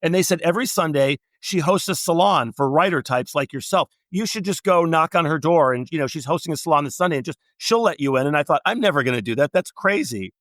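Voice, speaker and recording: A middle-aged man, a travel writer guest, telling long anecdotes and quoting people in animated storytelling. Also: a little high, fast, few pauses, no room sound. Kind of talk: storytelling interview.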